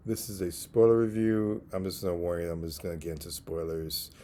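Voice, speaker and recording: A man giving a casual spoken movie review, relaxed and halting, with many fillers and restarts. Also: deep voice.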